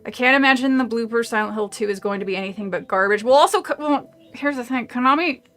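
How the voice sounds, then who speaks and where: A woman with a bright, crisp-edged voice pitched a little high reads a horror novel aloud on a stream. She keeps stopping to chat, ramble and laugh before getting back to the page. A movie plays faintly in the background. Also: quick pace, soft background music. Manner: rambling, with frequent tangents and laughs. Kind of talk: casual chat mixed with reading aloud. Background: faint movie audio.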